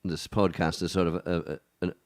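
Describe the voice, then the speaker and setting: A man's voice: low-pitched, little pitch movement, a little fast. A young man from Texas, a musician guest on a podcast, chatting casually in a rambling, hesitant way with lots of fillers. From Austin, Texas. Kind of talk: casual chat.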